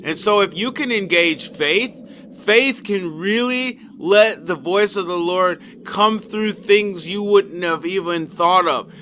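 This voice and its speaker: A man's voice: high-pitched, slow, pushed and bright, slight background noise. A male streamer rambling animatedly and swearing freely in casual chat while he plays a game. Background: video game music.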